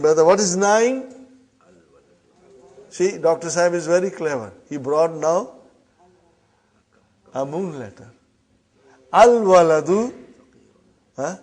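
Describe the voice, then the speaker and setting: A man's voice: a little high, a little mellow. A man teaching a language class, drilling phrases and often checking in with a questioning "huh?". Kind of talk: classroom lesson.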